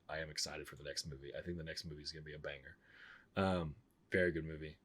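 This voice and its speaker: A man's voice: extremely low pitch, steady tone, quick pace, fairly bright tone, slightly rough. A man streaming and chatting casually, rambling and blunt, often cutting himself off mid-sentence. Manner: blunt, rambling, self-interrupting. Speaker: streamer reviewing films. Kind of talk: casual chat.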